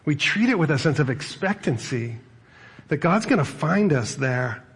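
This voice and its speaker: A middle-aged man preaching as a pastor, talking in a conversational, animated way with frequent asides. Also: on the high side, moderate pace, slightly rough. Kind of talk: sermon.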